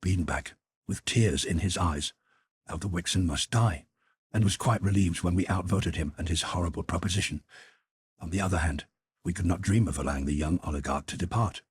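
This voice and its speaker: A man narrating a classic novel as an audiobook, reading in a measured, even way. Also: deep voice, husky, dry recording.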